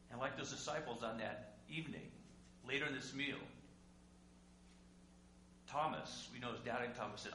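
Conversational male pastor, bright and echoey. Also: medium pitch, normal speed, pauses often. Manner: conversational, with rhetorical questions and dramatic swings in loudness. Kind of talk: sermon. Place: church sanctuary. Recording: echoey room with faint hum.

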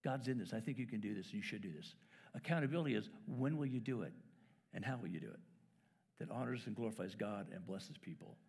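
A middle-aged man preaching a sermon as pastor, telling stories and acting out conversations with lively shifts in voice. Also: lowish voice, fast, creaky, slightly rough. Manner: storytelling, acts out dialogue with lively shifts. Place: church sanctuary. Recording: church hall reverb.

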